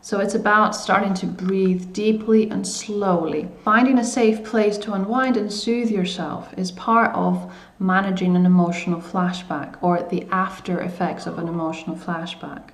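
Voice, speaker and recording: Gentle, hesitant woman coach in an echoey room. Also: medium pitch, fairly even intonation, moderate pace. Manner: gentle, hesitant, many fillers and restarts. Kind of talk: self-help video talk.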